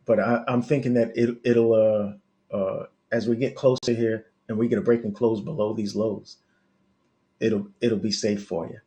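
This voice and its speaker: A man's voice: fairly low pitch, flat delivery, normal speed, mellow. A man teaching forex trading on a live stream, thinking aloud over his charts with many restarts and coaching his viewers directly. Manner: coaching, talks straight to viewers. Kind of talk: live market analysis stream.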